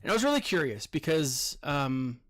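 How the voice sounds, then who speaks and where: Man, teacher, casual game commentary, rambling, lots of fillers, a bit tired, slightly high voice. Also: big pitch swings, normal speed, fairly bright tone. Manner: rambling, filler-heavy, chatty. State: a little tired.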